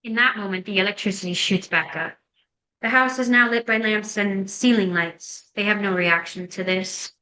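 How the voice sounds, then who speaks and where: A woman's voice: medium pitch, moderate pace, pushed and bright. A woman narrating, reading a screenplay's scene and action lines in a plain, descriptive way. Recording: echoey room.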